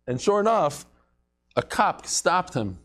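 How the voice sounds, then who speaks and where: A man's voice: high-pitched, very animated, slow, fairly bright tone. A man teaching a casual Talmud class, joking as he goes and chanting the quoted passages.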